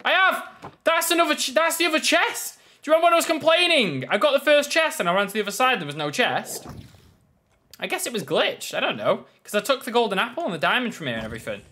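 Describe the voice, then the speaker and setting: A young man commentating his own video game play, excitable, swearing and shouting when surprised. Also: very high-pitched, fast. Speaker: gaming channel host.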